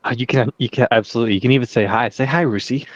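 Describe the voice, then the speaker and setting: A man's voice: medium pitch, very fast, no echo. A man playing a tabletop game, making laid-back, chuckling asides. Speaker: player. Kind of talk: casual chat at a game table. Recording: dull lo-fi mic, dry.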